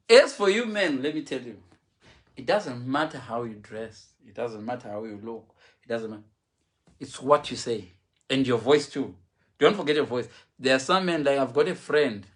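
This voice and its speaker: A man preaching a humorous sermon, mixing English and Shona and acting out the people he quotes. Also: mid-range voice. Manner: animated, mixes English and Shona, acts out quotes.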